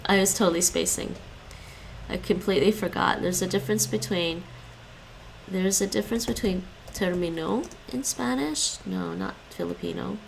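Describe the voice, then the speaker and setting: A woman's voice: mid-range voice, normal speed, gravelly, slight background noise, poor audio. A woman streaming her language study, thinking aloud, correcting herself and explaining grammar as she goes.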